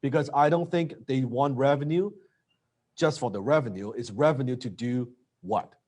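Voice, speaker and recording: A man coaching on sales closing, animated and acting out dialogue. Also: medium pitch, normal speed. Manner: animated, acts out lines of dialogue.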